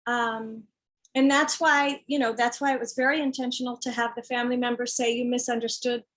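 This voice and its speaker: A woman's voice: a little high, steady tone, fairly quick, fairly bright tone, low-quality recording. A woman author talking frankly and emphatically about her children's book, acting out other people's words and sometimes swearing. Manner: swears when heated. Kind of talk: candid conversation.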